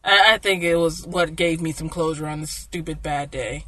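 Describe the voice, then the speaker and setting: Young woman, bright and lively, telling work stories casually. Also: low-pitched, normal speed, no echo. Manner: animated storyteller, voices people in her anecdotes, laughs often. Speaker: food service worker telling a story. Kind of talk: casual chat.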